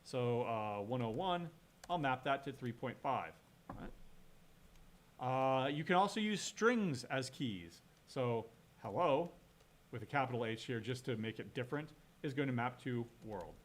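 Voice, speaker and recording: A man's voice: medium pitch, lively intonation, unhurried, slight background noise. A man lecturing on programming while he codes, thinking aloud, correcting himself and asking the class questions. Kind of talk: live-coding lecture.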